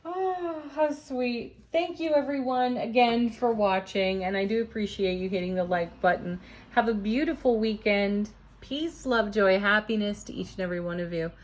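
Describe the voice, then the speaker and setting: Woman tarot reader, calm and soothing, breaks into delighted laughs. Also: medium pitch, moderate pace, few pauses. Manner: gentle, soothing, laughs often; awed and excited at the cards. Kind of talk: tarot reading vlog.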